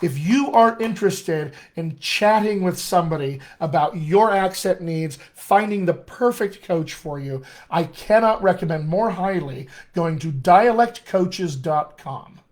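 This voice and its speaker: A male dialect coach with a General American accent, lightly tinged by his Colorado roots, speaking in a fairly high voice. He runs a chatty live-stream Q&A, upbeat and encouraging, often calling listeners his friends and stumbling through fillers and restarts. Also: animated, unhurried, hardly any pauses, a little mellow. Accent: General American with a slight Colorado tinge. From Colorado, USA.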